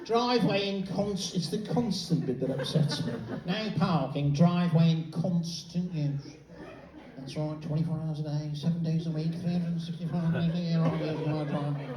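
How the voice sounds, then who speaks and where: A middle-aged man works a comedy crowd, sardonic and swearing freely, his voice pitched a touch high. The mic sits some way off, so the sound is echoey and roomy. Plenty of live room noise sits underneath. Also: a little fast, recorded from a distance. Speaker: stand-up comedian. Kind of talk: stand-up comedy set. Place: comedy venue with a live audience. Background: audience laughter.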